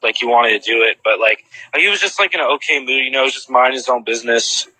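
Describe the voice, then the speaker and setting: A man's voice: mid-range voice, quick pace, bright, forceful tone, husky, no echo, poor audio. A man casually retelling what he witnessed and answering viewers' questions, rambling with lots of "like" fillers and restarts.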